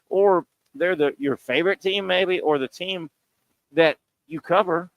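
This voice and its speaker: A male sports talk host delivers a fiery rant full of rhetorical questions. His voice sits somewhat high and the sound is dry and close, as if on location at a bar and grill. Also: a bit bright, no room sound. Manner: combative, scolding, rhetorical questions.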